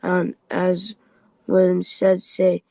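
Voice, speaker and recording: A man's voice: sits high, completely flat delivery, takes it slowly, gravelly, dark tone, no room sound, rough recording. A man reading aloud in a Bible class, stumbling over words and restarting often.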